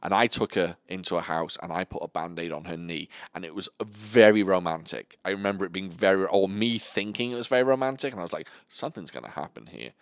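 A deep, smooth-voiced man hosts a podcast, telling lively stories full of swearing and acted-out voices at a quick pace with few pauses. The recording is dry, clean studio sound.

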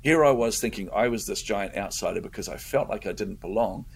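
Gravelly, low-voiced middle-aged man telling stories. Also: a little fast. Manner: animated, acts out his own inner voice. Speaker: guest. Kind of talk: storytelling in a conversation.

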